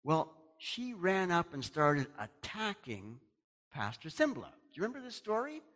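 A middle-aged pastor from Canada talks to his church in a casual, folksy way. His voice is a little high for a man and swings widely in pitch. He chuckles and restarts as he tells stories. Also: sing-song, normal speed, a bit bright. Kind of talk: casual sermon announcements and storytelling.

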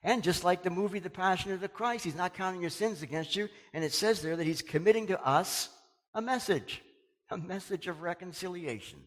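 A male pastor preaching a sermon, swinging from raised, urgent lines down to hushed, drawn-out quoted words. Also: high-pitched. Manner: dramatic preaching, dropping to a hush on quoted words. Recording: long hall reverb.

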